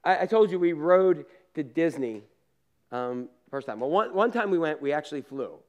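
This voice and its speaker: A man preaching with a high-pitched voice, who turns his sermon into lively family stories and acts out every scene. He keeps checking in with the congregation through casual asides and laughs at his own jokes. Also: normal speed, lo-fi sound. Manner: animated storyteller, acts out scenes and laughs at himself. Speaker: pastor.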